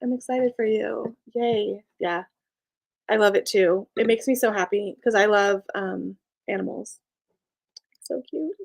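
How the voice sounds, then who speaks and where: A woman's voice: medium pitch, steady tone, a little slow, creaky. A young woman chatting casually on a live stream, reading viewer comments, bubbly and laughing often. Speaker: small business owner and live streamer.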